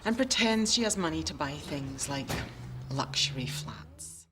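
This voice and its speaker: A woman's voice: low-pitched, lively intonation, unhurried. An actress playing a weary, sardonic woman in a TV drama, speaking in a Scottish accent. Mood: wry. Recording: noisy TV clip.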